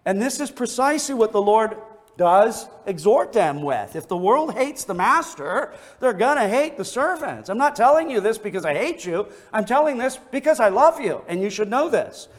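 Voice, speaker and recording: Pastor, man, high voice, earnest sermon delivery, repeats words for stress, reverberant sanctuary.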